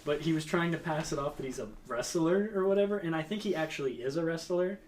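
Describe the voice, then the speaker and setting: A man's voice: fairly high pitch, quick pace, a little mellow, a little hiss or hum. A young man telling a rambling, laughing story in casual chat, swearing freely.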